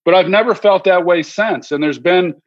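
A man's voice: high-pitched, moderate pace, highs cut off. A man in his fifties, a guest on a podcast, telling a story in a reflective, candid way with many restarts and repeated words. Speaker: guest, former quarterback and broadcaster. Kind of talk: relaxed interview storytelling.

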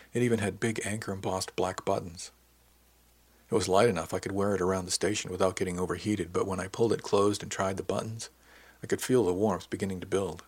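A man reading a first-person audiobook in a measured, descriptive way. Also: low-pitched, husky. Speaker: audiobook narrator.

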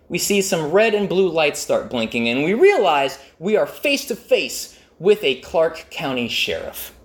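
Animated male storyteller, very lively pitch. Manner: animated, self-mocking, with jumpy pitch swings for emphasis. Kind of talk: comic personal storytelling.

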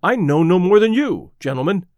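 A man's voice: high-pitched, very animated, normal speed, darkish tone, no echo, clean studio sound. A man reading aloud, voicing a frightened, stout male innkeeper who wails and quivers. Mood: fearful. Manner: quivering, wailing.

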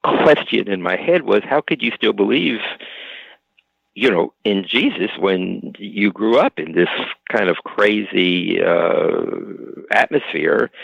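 A man, an author being interviewed, speaking reflectively in a halting way full of restarts and repeated words. The audio is dull and lo-fi, like an old radio broadcast. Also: low-pitched, gravelly, no room sound.

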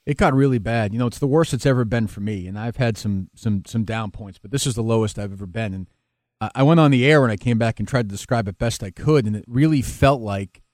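A man, a talk radio host, speaking candidly and emotionally in an interview, with frequent halting restarts. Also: fairly low pitch, darkish tone, dry recording, clean studio sound. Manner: halting, many restarts, emotional and self-critical.

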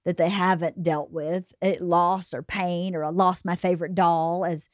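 A woman's voice: fairly low pitch, steady tone, normal speed, no echo, clean studio sound. A woman hosting a podcast, chatting frankly and easily, swearing casually and laughing readily. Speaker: podcast host.

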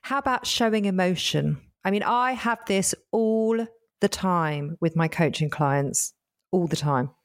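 A woman's voice: on the low side, lively intonation, unhurried. Woman coach co-hosting, direct and emphatic, runs the segment. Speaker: podcast co-host and coach. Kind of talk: casual chat.

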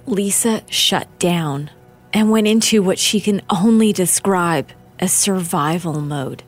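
A woman narrating a true-crime documentary in a measured, grave scripted delivery. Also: fairly low pitch, faint music behind.

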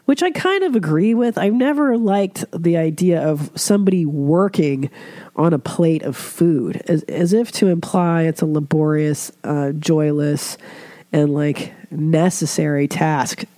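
A woman's voice: sits low, measured pace, dark tone, no echo. A woman hosting her own podcast, congested from a cold, chatting casually and swearing freely, slipping into voices when she quotes people. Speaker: podcast host. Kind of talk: casual chat.

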